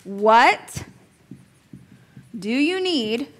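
A woman's voice: fairly high pitch, big pitch swings, drawn-out words. A woman in her thirties teaching a business coaching class in a chatty, joking way, laughing at herself now and then. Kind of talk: casual coaching class talk.

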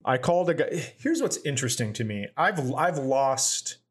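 A man's voice: mid-range voice, expressive, normal speed, breathy edge. A man co-hosting a comedy podcast, telling rambling stories in casual chat and acting out the voices of people in them. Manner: rambling storyteller, acts out quotes. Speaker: podcast co-host.

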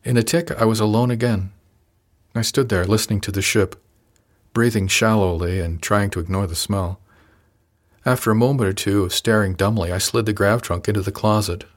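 A man with a fairly low voice reads a first-person novel aloud in a measured, calm way. His delivery is scripted and steady. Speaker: audiobook narrator.

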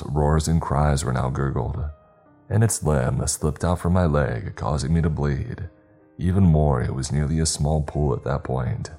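A man reading a scripted horror story in the first person, steady and measured. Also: rumbling low.

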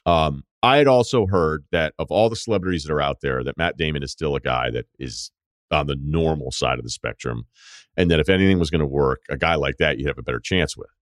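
A man's voice: a bass voice, fairly quick, no echo, studio quality. A man hosting a podcast, telling a rambling, profane anecdote in a casual storytelling way. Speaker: podcast host.

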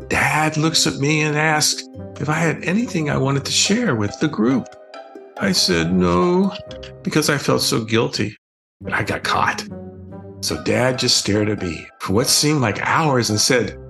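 An older man, the author, reading his children's book aloud as a slow, expressive bedtime story. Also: fairly high pitch, creaky, faint music behind.

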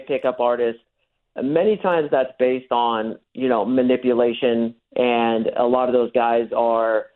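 A man, a dating coach, explaining his methods in a radio interview, acting out the lines he uses. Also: mid-range voice. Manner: explains techniques, acts out quoted lines. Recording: thin phone-line sound.

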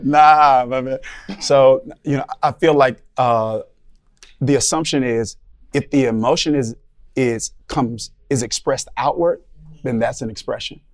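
A man's voice: mid-range voice, unhurried. A man on a discussion panel, thinking aloud and searching for his words. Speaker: panel guest.

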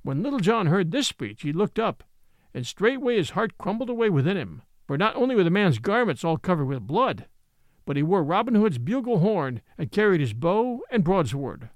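A man narrating an old adventure tale with expressive delivery. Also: high-pitched, moderate pace, dry recording. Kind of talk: scripted storybook narration.

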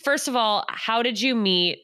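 Chatty woman host, bright voice. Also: on the high side, unhurried, clear, resonant tone, dry recording, studio quality. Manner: chatty, uses 'like' a lot. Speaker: podcast host. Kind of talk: casual chat.

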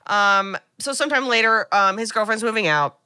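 A woman podcast co-host recapping a film in a casual, animated way, acting out characters' lines. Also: mid-range voice, normal speed, smooth.

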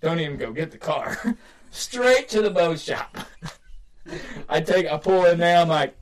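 Animated working-class man telling a story. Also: a little high, measured pace. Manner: animated, laughing, excitable storyteller. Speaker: podcast guest telling a hunting story. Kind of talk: casual storytelling chat.

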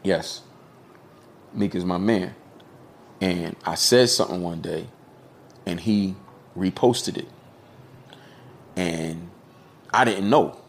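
A man's voice: low voice, slow pace, gravelly, long pauses, a little hiss or hum. A middle-aged man, a podcast guest, talking candidly and casually with slang, swearing now and then. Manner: candid, storytelling, peppered with slang and cussing.

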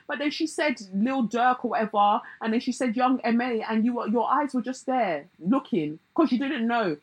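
A woman's voice: a little high, expressive, moderate pace, hardly any pauses, breathy edge, rough recording. A young woman, giving blunt, sarcastic pop-culture commentary and mocking others in put-on voices.

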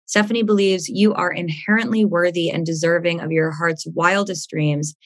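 A woman's voice: lowish voice, fairly even intonation, normal speed. A young woman hosting an astrology podcast, gushing and rambling in casual chat, laughing often.

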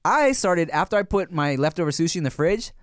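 This man in his thirties has a fairly high, expressive voice and talks a little fast. Co-hosting a casual podcast chat, he rambles with plenty of fillers and restarts and laughs often, and the recording is clean studio sound with no room sound.

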